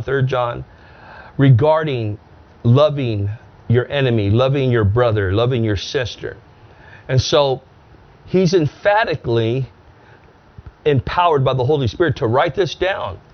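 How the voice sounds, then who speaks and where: A man's voice: medium pitch, lo-fi sound. A man pastor preaching a Bible study sermon, stressing phrases and drawing out key words. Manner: emphatic preaching with drawn-out phrases.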